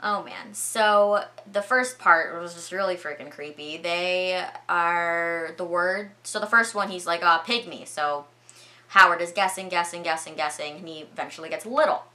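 A young woman vlogger recapping a movie in a chatty, excitable way, full of filler words. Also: lowish voice, moderate pace.

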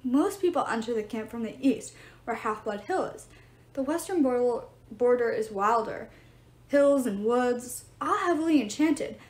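A sniffly teenage hero with a cold, grumbling and cracking wry jokes, read by a woman. His voice swings up and down lively, and the room around it echoes. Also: on the high side, a little slow. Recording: roomy echo.

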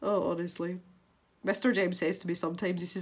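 A woman's voice: fairly low pitch, fairly quick. A Scottish woman chatting casually as she paints, thinking aloud and wandering into rambling asides. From Scotland. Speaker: art channel host. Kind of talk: casual chat while painting.

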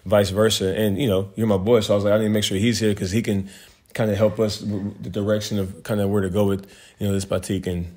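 A man's voice: lowish voice, quick pace. A man in his thirties, a guest chatting casually and easygoingly in a room at home. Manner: laid-back, relaxed, uses casual fillers. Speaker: guest, basketball player. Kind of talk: casual conversation. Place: indoors, home room with jerseys on wall.

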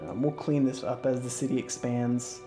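A man hosting a casual let's-play, talking through his moves in a relaxed, rambling way with lots of fillers and restarts, yawning and sleepy. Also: medium pitch, moderate pace. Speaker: gaming channel host. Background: faint game music.

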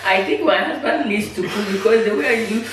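A woman's voice: mid-range voice, a little fast, a little hiss or hum. A woman hosting a food vlog, chatting casually to the camera, teasing and laughing often. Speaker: mukbang vlogger. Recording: echoey room from a distance.

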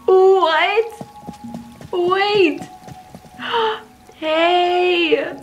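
A woman giving casual gameplay commentary, excitable and easily delighted, gasping and giggling as she explores. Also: high-pitched, takes it slowly, pauses often, highs cut off, soft background music. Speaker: game streamer.

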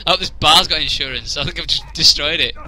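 A man's voice: a little high, quick pace. A young man, casually commentating a video game, joking and laughing as he plays. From England. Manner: jokey, laughs often, reacts loudly. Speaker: let's play commentator.

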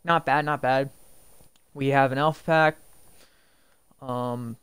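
A man's voice: medium pitch, fairly even intonation, slow pace, a bit bright, clean tone. A young man casually commenting on a video game as a YouTuber, rambling with many fillers and restarts. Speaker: gaming YouTuber and streamer.

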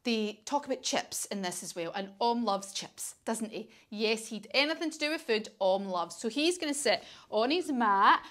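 A woman's voice: fairly high pitch, expressive, normal speed, few pauses, fairly bright tone. A woman with a British accent leading a children's yoga class, telling a story in an encouraging, sing-song way. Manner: encouraging, sing-song, coaxing kids along.

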